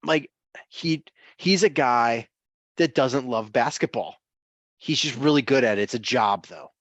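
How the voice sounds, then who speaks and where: A man's voice: medium pitch, unhurried, no room sound, lo-fi sound. A man co-hosting a sports podcast in casual chat, chuckling often and rambling through restarts.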